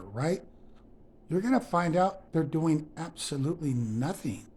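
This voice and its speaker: A man's voice: fairly high pitch, expressive, unhurried, darkish tone, a little hiss or hum. Emphatic preachy man giving a pep talk. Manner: preachy, emphatic, addresses viewers as guys. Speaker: motivational speaker. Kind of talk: motivational monologue.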